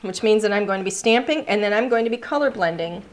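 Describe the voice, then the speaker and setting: A craft host streams a live card-making class from an overhead camera setup, talking fast and expressively in a medium-pitched voice. She chats brightly and greets viewers by name as she shows her work. A little hiss or hum sits in the audio.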